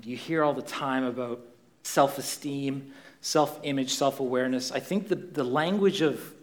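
A man's voice: mid-range voice, a bit bright. A man, a pastor preaching a conversational sermon full of questions to a church congregation.

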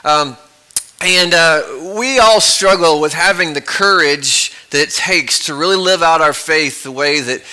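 A man's voice: fairly high pitch, a little slow, sharp tone, clear, resonant tone, rough recording. A male pastor giving a conversational church sermon with frequent fillers and restarts. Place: church sanctuary.

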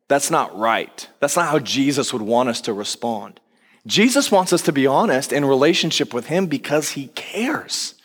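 A man preaching as a pastor, telling the story in a conversational, animated way and acting out quoted lines. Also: medium pitch, moderate pace, slightly rough. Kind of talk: sermon. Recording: long reverb of a large hall.

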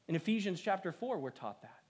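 A man preaching a sermon in an earnest pastoral voice that sits a little high for a man. He swings between raised, emphatic lines and soft, prayerful ones, and he restarts a phrase now and then as he goes. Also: big pitch swings, a little fast, husky.

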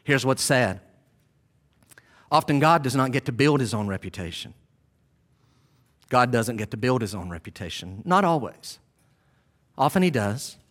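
A man's voice: medium pitch, lively intonation, a little slow, long pauses, fairly bright tone. A man preaching a sermon who speaks to the congregation directly and hammers home key phrases by repeating them. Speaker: pastor.

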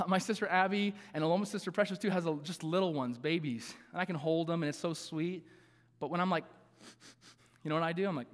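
A high-pitched male pastor delivers an earnest sermon, building to emphatic repeated calls and easing into light laughing asides. His voice rings out with long reverb in a church sanctuary. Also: expressive, fast.

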